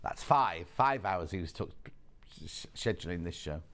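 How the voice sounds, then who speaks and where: A man's voice: deep voice, lively intonation, measured pace, a bit bright. A man presenting live on a TV shopping channel, chatty and teasing the off-camera crew, a bit sniffly with hay fever. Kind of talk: live on-air selling chat.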